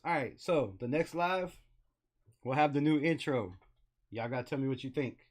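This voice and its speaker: A middle-aged man from California with a slight Southern country twang, hosting a casual livestream and talking in excitable, profane, slangy banter. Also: mid-range voice. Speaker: livestream host.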